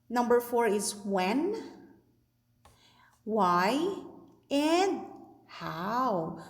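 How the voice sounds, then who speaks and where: Woman teacher, slow, sing-song delivery for young learners; recorded in an echoey room with a long tail. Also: fairly high pitch, sing-song. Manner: slow, sing-song teacher talk with many checks for understanding. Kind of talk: recorded online class lesson.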